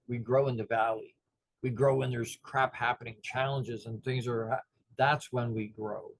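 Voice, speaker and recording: Middle-aged male motivational speaker, mid-range voice, lively storytelling that slips into character voices, close and dry sound. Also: medium pitch, breathy edge, no room sound. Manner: animated, acts out the voices of people in his stories.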